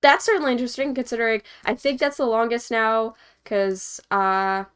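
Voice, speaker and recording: A woman's voice: fairly high pitch, fairly even intonation, normal speed, fairly bright tone, clean tone. A young woman hosting a hockey post-game show, talking casually and rambling with lots of fillers and chuckles. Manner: rambling, filler-heavy, chuckles between points. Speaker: hockey podcast host.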